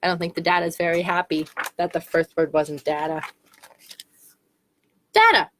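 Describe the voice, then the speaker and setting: A woman's voice: lowish voice, flat delivery, fast talker, slight background noise. A woman as a children's librarian, reading picture books aloud in a playful way, making animal sounds.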